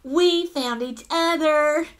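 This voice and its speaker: A woman's voice: high-pitched, slow pace. A woman voicing an eager, determined little girl from a storybook she is reading aloud.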